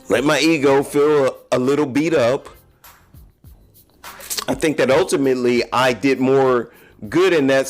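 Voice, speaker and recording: Male podcast host, mid-pitched, frank confessional monologue over faint music. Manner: candid, confessional, talks straight to listeners. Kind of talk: casual solo podcast monologue.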